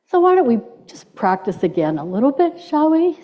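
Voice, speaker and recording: A middle-aged woman minister delivers a playful sermon in a church sanctuary, leading the congregation in call-and-response. Her high, mellow voice is very animated, at a moderate pace with hardly any pauses, on a dull lo-fi church recording.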